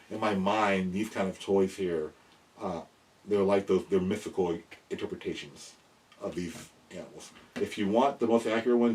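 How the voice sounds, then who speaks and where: A young man with a lowish voice hosts a casual explainer vlog on prehistoric animal figures, heard through a distant mic. He rambles with animation, frequently cutting himself off and chuckling at his own asides.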